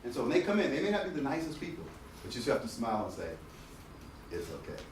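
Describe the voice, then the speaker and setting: A man giving a lively, jokey dental lecture, mimicking patients to make his points. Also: racing, slight background noise. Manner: acts out patients in a high whiny voice, jokey. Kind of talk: animated classroom lecture. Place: lecture hall. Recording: echoey lecture hall, voice from a distance.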